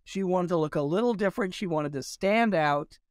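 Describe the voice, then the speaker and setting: A male historian telling lively anecdotes in an interview, acting out quoted dialogue as he goes. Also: high-pitched, a little fast, no room sound, clean studio sound. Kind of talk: storytelling in an interview.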